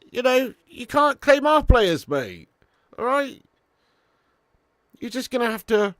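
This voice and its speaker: A man from the area hosts a live football watch-along and chats straight to his viewers. His voice sits a touch high for a man. He is sweary and full of banter, recorded close and dry. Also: fairly bright tone, no echo. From Birmingham area, England. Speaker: live stream host.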